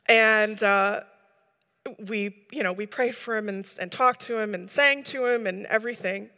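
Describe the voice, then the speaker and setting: A woman shares a heartfelt testimony before a live gathering, talking earnestly and loosely with lots of "like"s. Her voice has a bright, sharp edge, and it carries a long reverb off the walls of a large hall. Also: mid-range voice, measured pace. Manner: earnest, rambling storytelling with many "like"s. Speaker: church member giving a testimony.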